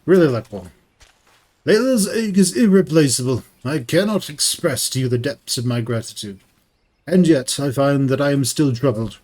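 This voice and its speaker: A man voicing a formal, worried gentleman in a game reading, speaking in stiff, archaic, courteous phrasing. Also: medium pitch, animated, moderate pace, lightly acted. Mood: concerned.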